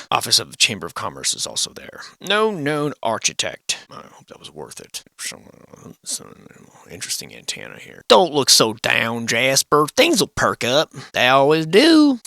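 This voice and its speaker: A man's voice: mid-range voice, vocal fry, bright, forceful tone, no echo, studio quality. A man hosting a video, giving casual, sarcastic and profane commentary on archive photos while wandering off into musings. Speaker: video host.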